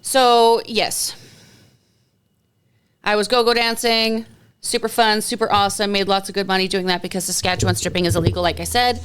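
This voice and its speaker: A woman in her thirties talks casually on her solo podcast, wandering from one topic to the next. Her voice is smooth and clear, pitched in a middle range, and she keeps undercutting herself with wry jokes. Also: flat delivery, normal speed, fairly bright tone. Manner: chatty and rambling, jumps between topics with self-mocking jokes. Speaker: podcast host.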